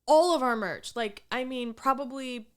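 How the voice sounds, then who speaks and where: A woman's voice: high voice, moderate pace, clean tone. A woman co-hosting a podcast, telling a rambling story in casual chat, full of restarts. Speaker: podcast co-host.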